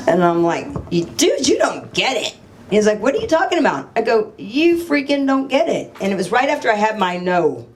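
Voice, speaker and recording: A middle-aged woman giving a live motivational talk on stage, telling stories animatedly, acting out dialogue and putting questions to the audience. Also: fairly high pitch. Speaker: motivational speaker.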